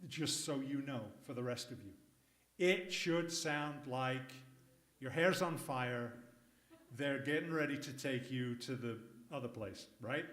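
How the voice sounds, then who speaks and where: Speaking a little slowly at a medium pitch, a man leads a public-speaking workshop for a live audience in a conference room. He's emphatic and lively, tossing in jokey asides, and the recording carries room echo.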